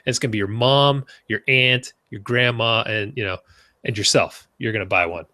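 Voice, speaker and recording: A man hosting a casual podcast chat, joking and self-mocking, jumping up in pitch when he asks questions. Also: normal speed, pushed and bright. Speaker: podcast host.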